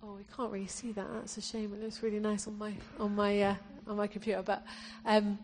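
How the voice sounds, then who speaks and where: A woman's voice: mid-range voice, monotone, a little fast, darkish tone, a little hiss or hum. A woman preacher from England giving an earnest sermon, often restarting her phrases as she exhorts the congregation.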